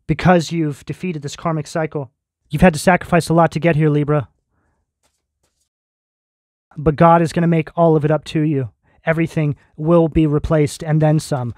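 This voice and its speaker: A man's voice: fairly high pitch, darkish tone, no room sound. Earnest male tarot reader, dry sound. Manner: earnest, reassuring direct address with spiritual terms. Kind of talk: tarot reading addressed to viewers.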